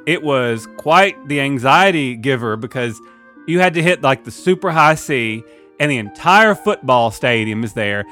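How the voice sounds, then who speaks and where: A man's voice: mid-range voice, lively intonation, moderate pace, pushed and bright, faint music behind. A man telling a story animatedly, imitating trumpet sounds in comedy banter.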